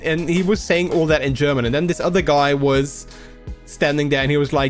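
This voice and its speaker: Young male streamer, a little raised pitch, halting rambling chat, faint music bed. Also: steady tone. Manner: rambling, halting, many restarts and fillers; acts out quoted people in a raised voice. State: a little under the weather. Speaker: livestream host. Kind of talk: casual livestream chat.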